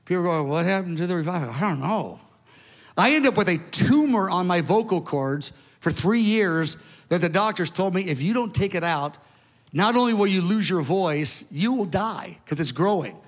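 A man in his seventies preaching a sermon to his church, telling a story in an animated, emphatic way with conversational asides. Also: sits high, moderate pace. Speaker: pastor. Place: large church hall. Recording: long hall reverb.

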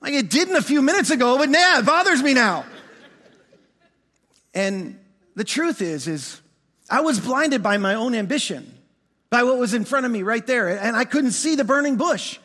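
A middle-aged male pastor preaching in a large church auditorium, his voice sitting unusually high for a man and ringing bright and forceful. He tells the story in an animated, self-mocking way, acting out both sides of the conversation, and a long hall reverb trails behind every phrase. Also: moderate pace. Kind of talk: storytelling sermon.

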